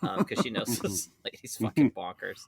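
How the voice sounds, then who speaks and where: A man's voice: on the low side, very animated, normal speed, gravelly, husky. A man in his thirties, co-hosting a casual podcast, telling a story with a lot of laughing and swearing. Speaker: podcast co-host.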